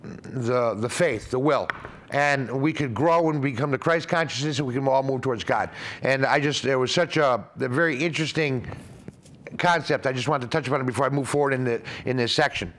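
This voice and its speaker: A man's voice: mid-range voice, brisk, a bit bright. A man hosting an explanatory talk, earnest and rambling with many restarts. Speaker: host. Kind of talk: explanatory talk on religious ideas.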